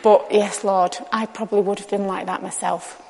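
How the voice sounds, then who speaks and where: A woman's voice: medium pitch, little pitch movement, moderate pace, creaky, a little mellow. A woman giving a candid, conversational sermon and acting out bits of dialogue. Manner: candid, chatty, acts out dialogue. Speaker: preacher. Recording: long reverb of a large hall.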